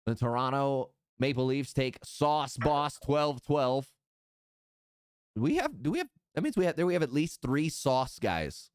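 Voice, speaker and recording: A man hosting a live-streamed draft, announcing picks in a relaxed, upbeat way. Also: medium pitch, unhurried, clean tone, dry recording, clean studio sound. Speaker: draft host.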